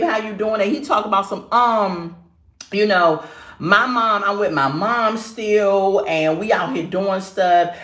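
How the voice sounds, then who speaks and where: Opinionated woman recapping tv, loud swings up and down, roomy echo. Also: mid-range voice. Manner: sassy, opinionated, acts out quotes. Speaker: reality TV recap host. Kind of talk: casual chat recap.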